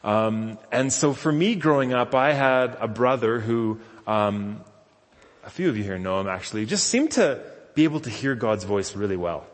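A man's voice: medium pitch, animated, moderate pace. A man giving a conversational sermon with self-deprecating storytelling. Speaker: pastor. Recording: long reverb of a large hall.

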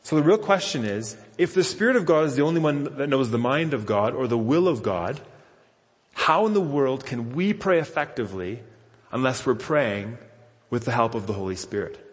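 Male pastor, mid-pitched, relaxed storytelling sermon, long hall reverb. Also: normal speed. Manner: conversational, self-deprecating storytelling. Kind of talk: conversational sermon.

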